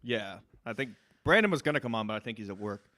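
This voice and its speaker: Bright-voiced rambling man podcaster. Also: mid-range voice, animated, no echo. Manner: rambling, profane, quick laughs. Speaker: podcast co-host. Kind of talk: casual podcast banter.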